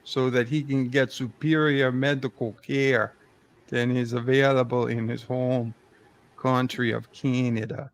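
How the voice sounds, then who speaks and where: A man putting on a deadpan fake Soviet comrade. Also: mid-range voice, measured pace, lightly acted. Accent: put-on Russian. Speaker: stream host. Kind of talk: comedic bit on a casual stream.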